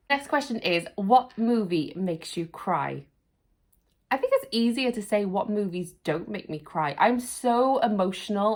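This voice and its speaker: A woman in her thirties answering viewer questions in a chatty, self-deprecating vlog, laughing often. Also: mid-range voice. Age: 30s. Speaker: YouTuber. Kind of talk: casual Q&A vlog.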